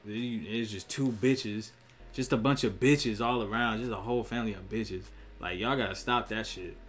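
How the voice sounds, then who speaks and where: A man giving a blunt, profane opinion rant full of slang, often acting out other people's lines. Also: mid-range voice. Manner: profane, blunt, slangy, acts out quick voices. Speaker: online commentator. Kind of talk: casual opinion rant to camera.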